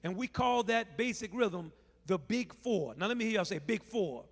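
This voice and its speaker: A man's voice: high voice, expressive, moderate pace. A middle-aged man with a New Orleans accent, leading a playful live music lesson for children and teasing the crowd with call and response. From New Orleans, USA. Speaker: bandleader teaching children. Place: large convention hall stage, live audience. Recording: long reverb of a big hall.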